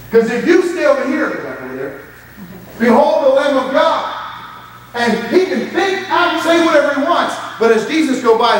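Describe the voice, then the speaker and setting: A man preaching a sermon as pastor, with rising emphasis and quoted asides. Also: very high voice. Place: church sanctuary. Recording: echoey church hall from far off.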